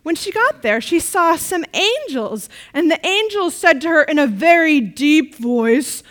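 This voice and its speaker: With an extremely high pitch and a moderate pace, a woman tells a lively, playful story to children in a church service, prompting them to repeat refrains. The recording quality is low.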